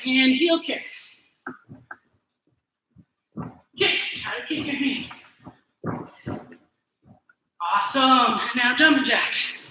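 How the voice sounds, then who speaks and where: A woman leading a virtual beginner gymnastics class, encouraging kids through warm-up drills, out of breath as she goes. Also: high-pitched, expressive, extremely slow, pauses often. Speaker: gymnastics coach. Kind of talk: virtual fitness class instruction. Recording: very echoey room, faint noise.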